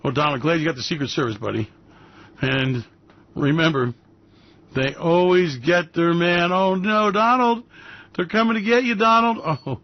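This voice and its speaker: A man hosting a radio show, ranting in mocking, brash commentary that breaks into loud bursts and laughter. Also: sits high, dull audio. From New York.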